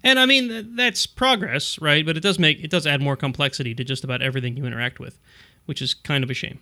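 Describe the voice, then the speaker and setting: A middle-aged man co-hosts a casual tech podcast, rambling, interrupting himself to restart his sentences and chuckling often. His voice is a little high, fast, pushed and bright.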